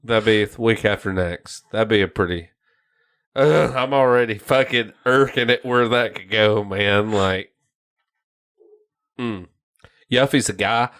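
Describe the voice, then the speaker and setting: A man's voice: on the low side, measured pace, pauses often, fairly bright tone. A man co-hosting a gaming podcast, riffing crude jokes and laughing often between lines. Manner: laughs often, riffs profanely. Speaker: podcast co-host. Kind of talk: crude joking banter.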